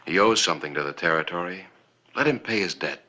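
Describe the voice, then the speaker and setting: A man's voice: low-pitched, fast, dull audio, exaggerated voice. An actor playing a frontier lawman who speaks firmly and steadily in a 1950s TV western. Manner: firm and steady.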